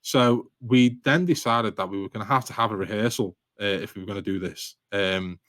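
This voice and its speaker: A man's voice: lowish voice, steady tone, fairly quick, fairly bright tone, no room sound. Rambling self-deprecating Scouse man. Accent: Liverpool Scouse. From Liverpool, England. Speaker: guest author. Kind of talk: casual storytelling in a podcast interview.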